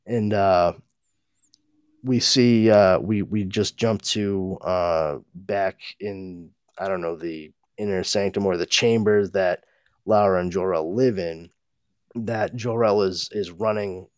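Halting man recapping a comic. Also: low-pitched, fairly even intonation, clean tone, dry recording, studio quality. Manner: halting, full of fillers and restarts, chuckling. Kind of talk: casual comic-book recap.

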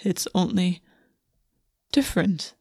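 Lady doing a proud fae king, slow and breathy, kinda mellow and dry. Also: on the low side, lively intonation, dry recording, full character voice. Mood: hushed, formal. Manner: formal, slow, breathy and hushed. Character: formal, proud male fae king, bird-like.

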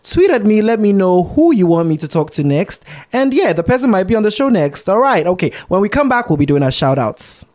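Young ghanaian guy hosting his podcast, high voice, bounces all over, dry close sound. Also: sing-song, fairly quick, few pauses, a little mellow, no room sound. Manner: playful, joking, slips into pidgin. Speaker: podcast host. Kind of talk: casual podcast chat.

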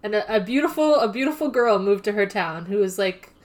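A woman's voice: mid-range voice, expressive, brisk. A woman co-hosting a casual chat about a show's episode, chatty and full of "like" fillers. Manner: chatty, fills in details with "like" fillers. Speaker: podcast co-host.

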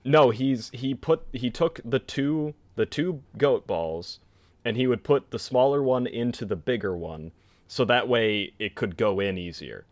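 A man hosting a casual comedy podcast, reading quotes from a book aloud with animated, laughing delivery. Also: mid-range voice, a little slow, dry recording.

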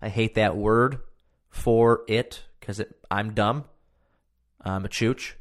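A man's voice: on the low side, fairly even intonation, slow pace. A man hosting a casual solo podcast from his home podcast room, rambling and swearing freely and poking fun at himself. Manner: rambling, profane, self-mocking. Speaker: podcast host.

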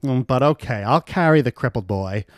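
A man's voice: medium pitch, normal speed, no room sound, clean studio sound, lightly acted. A man voicing a campy, theatrical convict who pleads showily for mercy. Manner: showy, animated pleading. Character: campy, theatrical male convict, flamboyant and kind.

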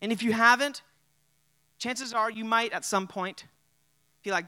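A man's voice: high-pitched, steady tone, a little slow, pauses often, sharp tone, no echo. A man preaching a sermon as a pastor in a casual, conversational way, with plenty of fillers. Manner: casual and conversational, with many "like" and "you know" fillers.

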